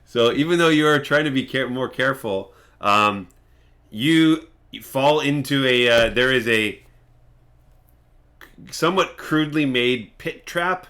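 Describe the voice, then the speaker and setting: Slow, bright-voiced male game master. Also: mid-range voice. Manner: hesitant, many fillers, laughs often. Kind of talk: narrating a tabletop game.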